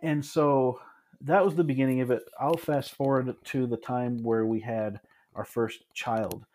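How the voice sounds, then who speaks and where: A man's voice: mid-range voice, steady tone, unhurried, a little mellow. A man in his thirties from Michigan, speaking as a podcast guest. He tells his story in a casual, reflective way. He often restarts and adds asides as he goes. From Michigan, USA.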